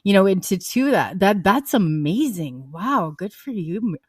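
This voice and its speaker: A woman's voice: mid-range voice, very animated, a little slow, darkish tone, husky, dry recording, studio quality. A woman radio host reacting to her guest with enthusiastic, affirming remarks. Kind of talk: interview reactions.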